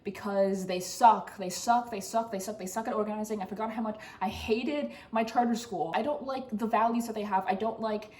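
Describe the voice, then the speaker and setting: In a casual vlog from her desk at home, a woman in her twenties rants sarcastically about her frustrations, with sudden squeals. She speaks a little fast with few pauses, in a steady, medium-pitched voice of darkish tone.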